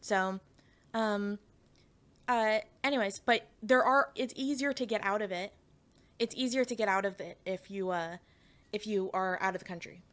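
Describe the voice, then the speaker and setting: A woman's voice: medium pitch, moderate pace, a bit bright. A young woman from Canada, streaming and telling a story in a rambling, laughing way with lots of fillers and restarts, talking to her chat.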